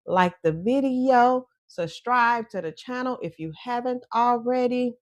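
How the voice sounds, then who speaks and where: A woman's voice: on the high side, a little slow, few pauses, no echo, studio quality. A woman vlog host with a Chicago accent and Mississippi roots, chatting casually and folksily to her viewers.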